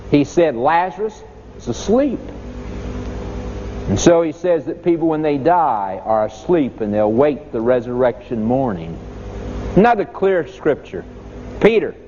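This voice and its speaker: A man's voice: a little high, very animated, unhurried, pauses often, warm tone, slight background noise. A man preaching a sermon in an emphatic, dramatic storytelling way. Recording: long hall reverb, dull lo-fi sound.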